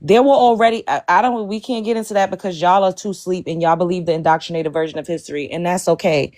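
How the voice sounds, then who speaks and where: A woman's voice: fairly low pitch, fairly even intonation, fast, a little mellow, dry recording. A woman hosting a heated panel talk, blunt and profane, hammering her points home.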